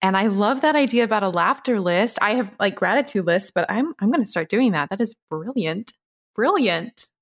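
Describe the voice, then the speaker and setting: A woman hosting a podcast interview, speaking with measured enthusiasm. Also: mid-range voice, lively intonation. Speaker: podcast host.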